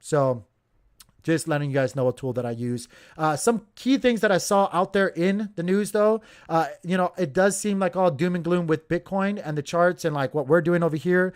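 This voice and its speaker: Male crypto host, slightly high voice, loose chatty market talk full of fillers. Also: normal speed, clear, resonant tone. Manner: chatty, filler-heavy, addresses viewers as you guys. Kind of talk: casual market commentary stream.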